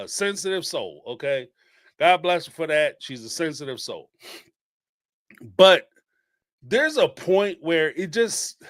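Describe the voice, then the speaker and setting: A man's voice: high-pitched, a bit bright, no echo, clean studio sound. A man hosting a reality TV commentary show, talking bluntly, swearing freely and laughing as he mocks what others said. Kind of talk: casual commentary monologue.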